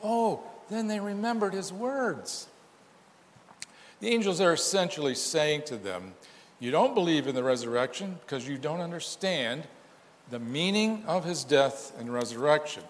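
A man's voice: on the high side, expressive, moderate pace, long reverb tail. A man preaching a sermon as pastor, emphatic and full of rhetorical questions.

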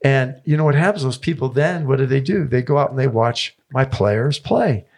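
A man's voice: mid-range voice, lively intonation, normal speed, a little mellow. A man in his seventies, a tennis coach telling stories as a podcast guest, enthusiastic and repeating phrases for emphasis. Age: 70s.

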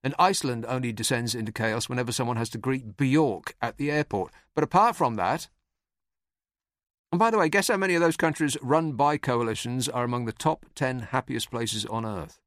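A man's voice: mid-range voice, a bit bright, no room sound. A man hosting a podcast, delivering a dry, sardonic scripted comic monologue. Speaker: podcast host.

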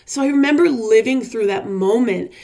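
A woman's voice: a little high, normal speed, creaky, darkish tone. Earnest woman in her forties telling a story. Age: 40s. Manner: earnest, emotional, casual with many fillers. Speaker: vlogger. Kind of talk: personal storytelling vlog.

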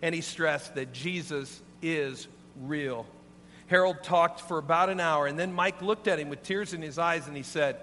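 An earnest male preacher telling a sermon story with a slightly high voice. His speech carries a long hall reverb, with a faint hum underneath. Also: normal speed. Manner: earnest, animated.

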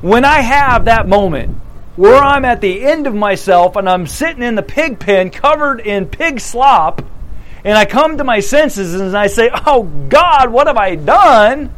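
A man preaching a sermon, retelling a parable with animated delivery and acting out the characters' lines. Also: high voice, a little slow, poor audio.

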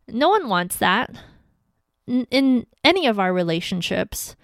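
Woman, young adult, gentle encouraging advice talk, dry close sound. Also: mid-range voice, big pitch swings, measured pace, gravelly, dry recording. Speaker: podcast host giving relationship advice.

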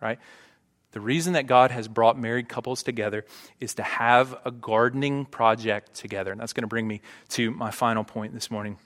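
A man's voice: medium pitch, fairly even intonation, fairly quick, a bit bright. A man preaching a sermon to a congregation, conversational and often checking in with "right?". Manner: conversational, frequent "right?" asides. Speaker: pastor. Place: church sanctuary. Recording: long hall reverb.

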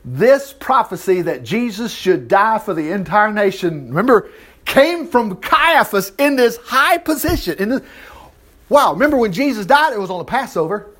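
A man preaching in a loose, conversational way, peppering the crowd with rhetorical questions. His voice sits high and swings widely up and down as he teaches. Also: moderate pace. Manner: animated, chatty, many rhetorical questions. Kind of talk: conversational Bible-teaching sermon.

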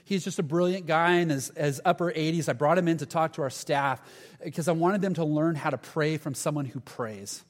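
A man's voice: on the high side, brisk. A man preaching a conversational sermon as pastor, acting out the voices in Bible stories. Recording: long reverb of a large hall.

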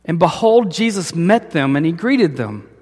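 A man's voice: a little high, very animated, moderate pace, darkish tone, husky. A man preaching a sermon as pastor, telling stories and acting out the voices of the people in them. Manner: storytelling, acts out voices in quotes. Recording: long hall reverb.

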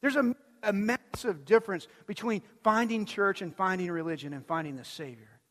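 At a moderate pace and with a fairly bright tone, a high-voiced pastor weaves a sermon from loose, conversational stories, questioning the crowd along the way. The sound rings with long reverb, as in a church sanctuary.

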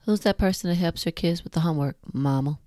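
Blunt, low-voiced woman talking straight to listeners. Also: fast, mellow, dry recording, studio quality. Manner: frank, blunt, swears freely, addresses listeners directly; laughs at her own jokes. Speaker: podcast host. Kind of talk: casual talk to listeners.

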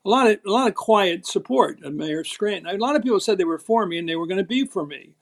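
Gravelly, high-sitting and expressive, this fast-talking older Philadelphian carries a strong local accent. Appearing as an interview guest, the onetime TV political host tells stories emphatically, performing the quotes he relays in lively conversation.

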